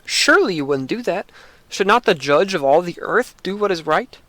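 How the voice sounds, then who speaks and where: Old Abraham, earnestly pleading and bargaining, humble and careful, as a man reading aloud puts him on. The voice is a bit higher than most men's, and it is dry and close. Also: lively intonation, normal speed, a bit bright, no echo.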